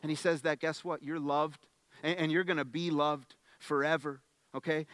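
High-voiced earnest man preaching. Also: steady tone, normal speed, smooth, dry recording. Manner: repeats opening words, stammered restarts, emphatic and earnest; swings between hushed lines and loud emphatic ones. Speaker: pastor. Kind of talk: sermon.

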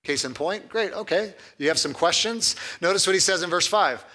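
At a normal speed, a high-voiced male pastor gives a sermon that feels like conversation. Animated throughout, he repeats words again and again and lets humor slip in.

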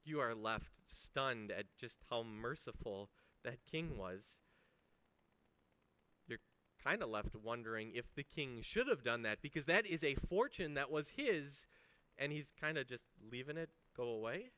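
A man delivers a sermon in an easygoing, conversational way. He stresses key words and asks rhetorical questions. His voice is bright and forceful, and the sound is dry and close. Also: mid-range voice, expressive, measured pace, clean tone, dry recording. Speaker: pastor.

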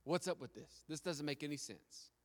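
A man's voice: on the high side, normal speed, close to an everyday voice. A man, preaching, voicing an eager young businessman who stammers and grows exasperated. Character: eager young male businessman, growing frustrated. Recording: long hall reverb.

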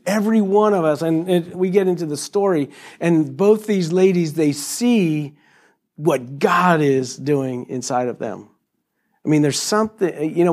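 A middle-aged man preaching a sermon to a congregation, animated and joking, acting out quotes in high voices. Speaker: pastor.

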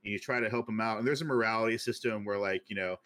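A man's voice: on the low side, fast, a bit bright. A man co-hosting a podcast who talks in a casual, rambling way, with many fillers and restarts. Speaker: podcast co-host. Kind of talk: casual chat.

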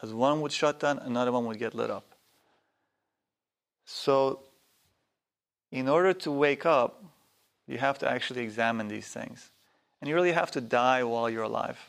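A man with a gravelly, creaky voice and a mid-range pitch leads a spiritual workshop. He talks loosely and swears freely. He slips into little voices when he tells his stories. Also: normal speed, pauses often. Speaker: workshop teacher. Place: workshop hall.

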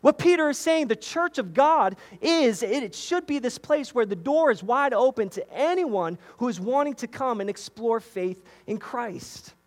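Man from New York, lively preacher in a reverberant sanctuary, higher pitch. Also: moderate pace, few pauses. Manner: animated preaching with repetitions and asides to the congregation. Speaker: pastor. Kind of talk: sermon. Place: church sanctuary.

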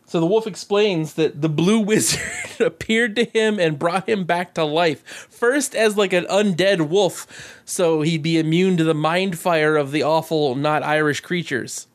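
A man's voice: a little high, measured pace. Profane, sarcastic man recapping a movie. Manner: profane, sarcastic, laughs often. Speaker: podcast co-host. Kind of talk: casual movie recap chat.

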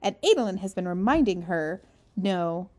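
Giggling as she tells animated stories, this co-host of a relaxed book-discussion podcast speaks in a fairly high voice at a measured pace.

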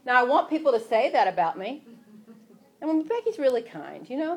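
A woman's voice: a little high, sing-song, fairly quick. A woman hosting a casual faith talk, speaking conversationally and quoting scripture.

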